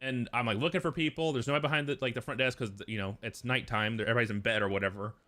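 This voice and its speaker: Young guy streamer, bright sharp voice, rambly sweary storytelling. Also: medium pitch, fairly even intonation, very fast. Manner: profane, rambling, full of fillers. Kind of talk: casual storytelling.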